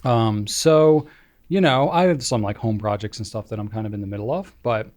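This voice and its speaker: A man co-hosting a podcast in casual chat, encouraging and quick to laugh. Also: on the low side, a little mellow. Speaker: podcast co-host.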